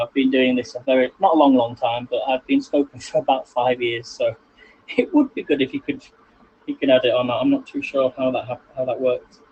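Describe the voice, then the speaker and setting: A man's voice: mid-range voice, darkish tone, slightly rough, lo-fi sound. A man hosting a casual live cooking stream from his home kitchen, chatting and rambling to viewers while he cooks. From England. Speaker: livestream cooking host. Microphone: phone on a selfie stick.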